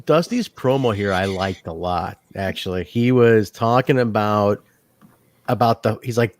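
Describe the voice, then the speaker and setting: A man co-hosting a casual chat, talking in an animated way, laughing often and acting out quotes he recalls. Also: lowish voice, unhurried, no echo, studio quality. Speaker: podcast co-host.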